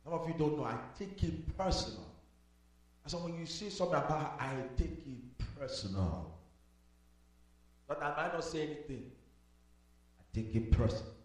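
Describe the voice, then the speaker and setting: A male pastor preaching a sermon and praying blessings, emphatic and repetitive, moving from soft talk to loud declarations. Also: a little high, animated, normal speed, long pauses, far from the mic. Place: church. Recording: echoey hall with music behind.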